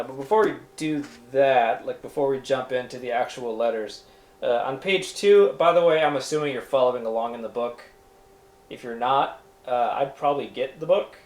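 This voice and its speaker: A man teaching a beginner's language course in a relaxed, rambling way, with many fillers and asides. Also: mid-range voice, echoey room. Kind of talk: casual instructional talk.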